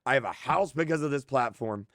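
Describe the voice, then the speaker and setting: Frustrated, earnest male creator, mid pitch, dry booth sound, halting restarts. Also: expressive, a bit bright, no room sound. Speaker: game creator. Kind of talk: impassioned monologue.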